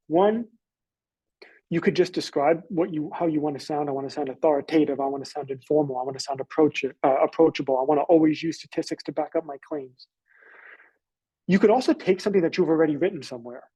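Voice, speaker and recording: A man's voice: fairly high pitch, mellow, breathy edge, no echo, low-quality recording. An American man presenting a webinar lesson in a casual, loose way, with many fillers and restarts.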